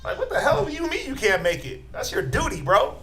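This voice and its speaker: A man's voice: very high voice, wildly swooping pitch, brisk, gravelly, music in the background, poor audio. A man preaching informally to a group as a religious teacher, blunt and challenging, firing rhetorical questions and chuckling while he scolds.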